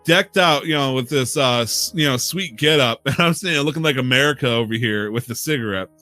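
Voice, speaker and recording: Man, podcast co-host, bright tense voice, casual rambling storytelling, swears a lot. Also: mid-range voice, a little fast, soft background music. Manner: rambling, profane storytelling with laughs. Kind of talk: casual chat.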